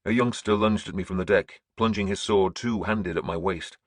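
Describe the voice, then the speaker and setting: Male audiobook narrator, grim and measured, very dry studio sound. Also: low voice, husky, no room sound.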